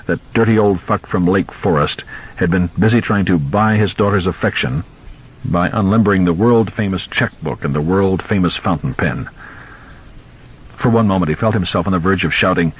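A man narrating an audiobook in an expressive, measured reading. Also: sits low, breathy edge, muffled recording. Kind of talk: scripted narration.

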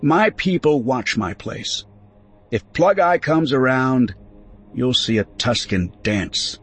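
A man voicing a gruff, stubborn seventy-five-year-old rancher with a gravelly voice, curt and dismissive in a spoken story. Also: mid-range voice, lively intonation, slow, a little hiss or hum, voice pushed up.

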